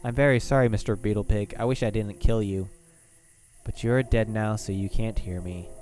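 A man's voice: on the low side, fairly even intonation, moderate pace, a little mellow, soft background music. A man co-hosting a casual let's-play, joking and chatting with the game's characters. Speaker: co-host of a gaming show.

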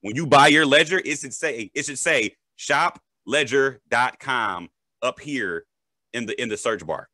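Male crypto educator, casual and jokey, bright voice, dry close recording. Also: mid-range voice, unhurried, dry recording. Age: adult, a parent. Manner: animated, joking, checks in with "right?" and "okay?". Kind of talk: casual explainer.

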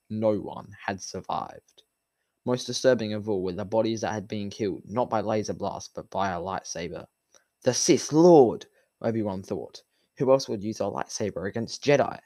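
A man hosting his own channel, chatting casually with fillers before reading a novel aloud in a steady audiobook style. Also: lowish voice, no room sound. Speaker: channel host and narrator.

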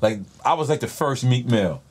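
Husky man guest, lively storyteller, slangy and profane. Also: mid-range voice, moderate pace. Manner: animated, swears freely, acts out others' lines in voices. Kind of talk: casual storytelling in an interview.

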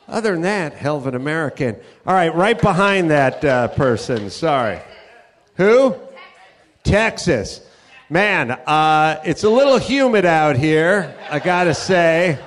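A man from California hosting a show, telling rambling, profane comic stories on a comedy club stage. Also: fairly high pitch. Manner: rambling, profane, riffing storyteller. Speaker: host. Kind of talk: live comedic monologue.

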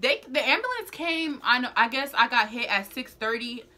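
A young woman vlogger telling a personal story to her viewers in a chatty, animated, slang-filled way. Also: fairly high pitch, normal speed. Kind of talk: storytime vlog.

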